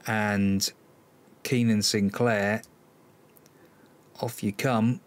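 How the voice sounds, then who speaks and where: A man's voice: medium pitch, takes it slowly, pauses often. A man hosting a football management let's-play, commenting live on the match, exasperated and sighing, talking to his players. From Cornwall, England.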